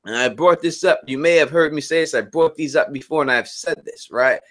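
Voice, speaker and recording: A man's voice: a little high, a little fast, a bit bright. A man hosting a live stream Q&A, talking earnestly, repeating points and restarting sentences as he explains his view. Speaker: channel host.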